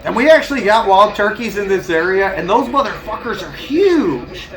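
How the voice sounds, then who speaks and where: Guy streaming live, high voice, swearing and ranting, music going behind him. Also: very animated, moderate pace, low-quality recording. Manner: profane, ranting, laughs often. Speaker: livestreamer. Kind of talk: casual live-stream chat.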